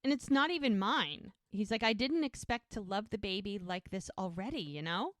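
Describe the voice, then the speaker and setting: A woman's voice: mid-range voice, animated, moderate pace, no echo, clean studio sound. A woman co-hosting a podcast, casually recapping a TV episode and acting out the characters' lines as she retells scenes, laughing now and then. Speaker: podcast co-host.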